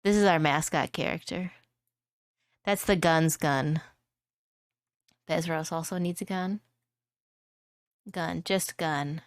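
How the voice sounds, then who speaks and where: A woman's voice: deep voice, takes it slowly, pauses often, no echo, studio quality. A woman streamer chatting casually and playfully while drawing, rambling from one joke to the next and laughing often. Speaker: vtuber streamer.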